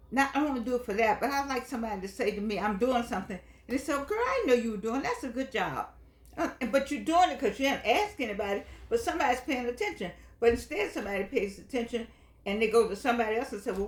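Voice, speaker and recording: A woman's voice: a little high, roomy sound. An older woman hosting a senior-life show, talking in an earnest, chatty way with preacher-like emphasis and reading from a book. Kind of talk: casual motivational talk with book reading.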